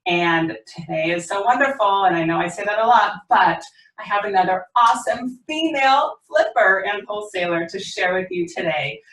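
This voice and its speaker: A woman's voice: mid-range voice, expressive, normal speed, fairly bright tone, reverberant, recorded from a distance, poor audio. A woman hosting a podcast interview, gushing and enthusiastic as she introduces and questions her guest. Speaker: podcast host.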